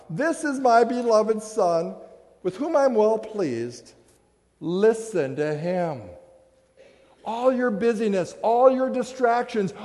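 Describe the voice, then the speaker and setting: A man preaching a sermon, telling stories with acted-out voices and rhetorical questions. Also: high voice. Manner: animated storytelling, acts out voices, rhetorical questions. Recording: long hall reverb.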